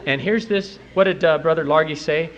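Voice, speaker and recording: Guy doing a church talk, lively storyteller, bit muffled old tape sound. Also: on the high side, moderate pace. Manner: animated storyteller, quotes people in funny voices. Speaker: speaker at a church youth talk. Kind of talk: recorded religious talk to an audience.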